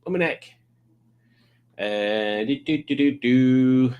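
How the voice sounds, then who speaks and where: Brief: male stream host, medium pitch, jokey and rambling, casual live chat. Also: slow, smooth, lo-fi sound. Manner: rambling, self-mocking, jokey.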